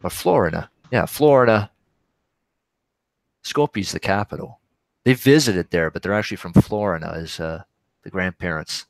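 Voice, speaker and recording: A Canadian man with a somewhat low voice rambles casually through viewer questions on a livestream. He breaks off mid-thought to react to the game he is watching. The sound is close and dry. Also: moderate pace, gravelly, long pauses, dry recording. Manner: rambling, reacting live to games. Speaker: sports betting show host.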